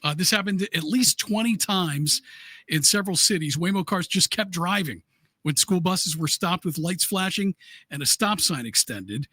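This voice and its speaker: A man's voice: sits high, expressive, normal speed, sharp tone, breathy edge, no room sound. A man co-hosting a podcast, laid-back and wry, chatting and running through the news. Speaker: podcast co-host, news segment reader. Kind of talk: casual chat and news rundown.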